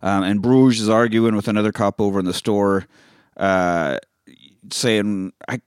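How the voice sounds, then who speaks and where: A man hosting a casual film podcast, retelling scenes with animated energy and plenty of swearing. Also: fairly low pitch, measured pace, clear, resonant tone, no room sound, studio quality. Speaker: podcast host.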